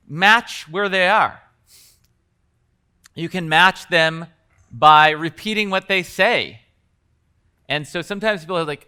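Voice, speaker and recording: A man's voice: fairly high pitch, a little slow, long pauses, pushed and bright, clear, resonant tone. A man teaching coaches at a live workshop in a conversational way, acting out bits of example dialogue. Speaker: coaching trainer.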